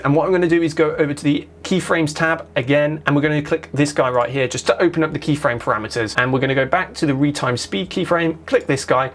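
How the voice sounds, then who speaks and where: A man with a fairly high voice talks through a screen-recorded editing tutorial. He explains each click in a relaxed, chatty way. He drops in small self-mocking jokes. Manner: casual step-by-step explaining with light self-mocking asides. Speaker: video editing tutorial host.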